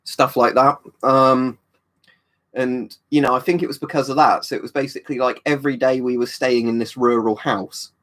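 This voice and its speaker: A man's voice: medium pitch, steady tone, moderate pace, fairly bright tone. A British man chatting on a livestream, reading out viewer comments and rambling with many ums and restarts. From United Kingdom. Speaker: livestream host.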